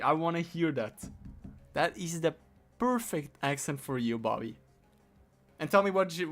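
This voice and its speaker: A man's voice: on the high side, fairly bright tone. A man live-streaming a game, teasing and swearing at his AI helper with exasperated laughs. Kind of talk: live-stream gaming chat.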